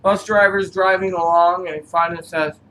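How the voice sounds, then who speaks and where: A man with a high, sharp-edged voice tells meandering personal stories between cigar notes. He hesitates often, filling gaps with "um" and "so", and drifts from one anecdote to the next. A faint background hiss sits under his talk. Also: fairly even intonation, low-quality recording. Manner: meandering, halting, full of fillers. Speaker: cigar reviewer. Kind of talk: rambling personal storytelling.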